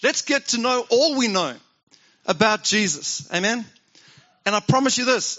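A man's voice: high voice, expressive, normal speed, pushed and bright, muffled recording. A man preaching a sermon as pastor, talking conversationally and asking the congregation questions.

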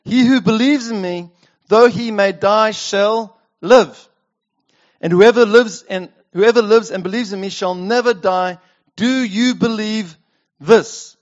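A man reading a solemn male teacher's words slowly and with weight. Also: high-pitched. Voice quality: slow, weighty delivery. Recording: dull lo-fi sound.

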